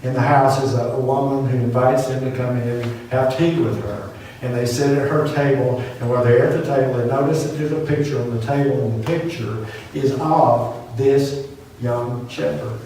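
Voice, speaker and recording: A man's voice: mid-range voice, steady tone, normal speed, mellow, slight background noise. A man preaching a sermon, telling a story with earnest, repeated emphatic phrases. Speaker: pastor. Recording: very echoey room from far off.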